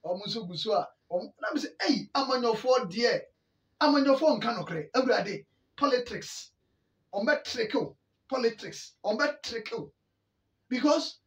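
A Ghanaian man hosting a sports talk show, animated and excitable, mixing Twi and English and repeating words for emphasis. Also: extremely high pitch, moderate pace, roomy sound, recorded from a distance. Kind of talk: animated commentary.

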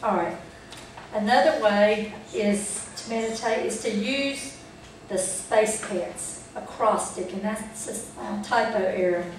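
A woman's voice: mid-range voice, slow pace, a little hiss or hum. A woman leads a church Bible lesson, speaking folksy and plain and often asking the room if they follow. Her voice sits in the middle of the range. It comes from a distance in a very echoey room, with faint room ambience behind. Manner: folksy, asks the group questions. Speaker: Bible study teacher. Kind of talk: church training talk.

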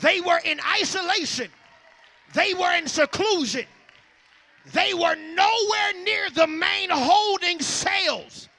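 Southern guy preaching loud, real high pitched, gravelly edge, says uh between every phrase. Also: a faint crowd. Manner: shouting, fills pauses with "uh". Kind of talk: revival sermon.

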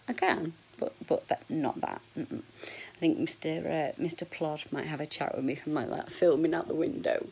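A woman in her forties talks straight to camera in a relaxed, frank vlog chat, joking and swearing freely. Her voice is husky and sits a little low, with a gravelly crackle. She now and then slips into a breathy whisper. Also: normal speed. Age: 40s. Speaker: vlogger.

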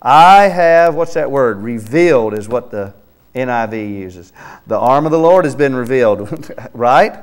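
Emphatic male preacher with a smooth voice. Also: medium pitch, animated, unhurried. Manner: reads scripture aloud with his own name inserted, then comments; emphatic, rising to loud exhortation. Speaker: pastor. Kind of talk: sermon. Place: church sanctuary.

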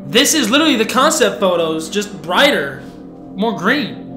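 Young man, high voice, gushing reaction commentary, echoey room. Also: moderate pace. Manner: excitable, gushing, slangy, swings from hushed to loud. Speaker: reaction video host. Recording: echoey room with music playing behind.

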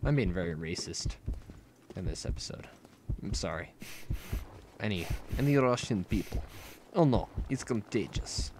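A man's voice: low-pitched, expressive, moderate pace, long pauses, a little mellow, a little hiss or hum. A man hosting a let's play, giving jokey, self-mocking running commentary while he plays. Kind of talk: gameplay commentary.

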